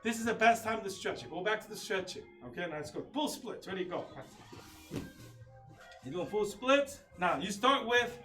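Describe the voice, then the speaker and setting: A man teaching a live online taekwondo class, calling kick counts and drills with sharp shouts. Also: sits high, animated, normal speed, far from the mic, faint music behind. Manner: coaching commands, loud kiai shouts. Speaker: taekwondo instructor. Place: training studio.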